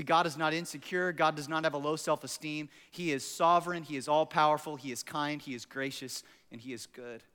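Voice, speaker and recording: A man preaching as a pastor, telling stories animatedly and acting out quotes for laughs. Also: on the high side. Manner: animated, jokey storytelling with acted-out quotes. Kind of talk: sermon. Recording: echoey hall.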